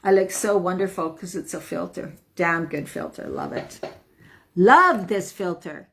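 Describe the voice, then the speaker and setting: A woman's voice: fairly low pitch, a little slow, gravelly, fairly bright tone. A woman health coach talking casually to viewers on a live stream, emphatic and upbeat, often asking "right?".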